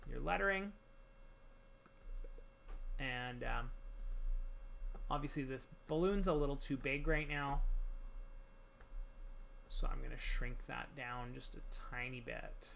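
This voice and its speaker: A man talking through a software tutorial as he works, relaxed, with many pauses and fillers. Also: mid-range voice, gravelly, a little hiss or hum. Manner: relaxed, many ums and restarts while working. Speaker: tutorial instructor. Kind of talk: screen-recorded software tutorial.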